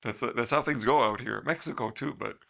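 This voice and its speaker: Brisk and with vocal fry in his medium-pitched voice, a middle-aged podcast guest rambles through a casual story. He laughs a lot and livens up whenever he quotes someone.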